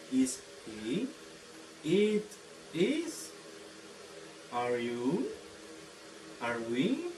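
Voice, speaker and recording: A male teacher walks through a grammar lesson at an unhurried pace, his pitch rising and falling expressively. He keeps pausing to check that the class follows. The recording is roomy and distant, with steady background noise. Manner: slow, deliberate, often checks with "right?". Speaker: English teacher. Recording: echoey room, distant mic, noisy background.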